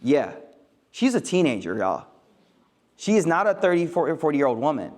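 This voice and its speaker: A man's voice: on the high side, sing-song, normal speed, a little mellow. A man giving a casual, joking religious talk to a live audience, using street slang and acting out quoted lines. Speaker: Islamic speaker.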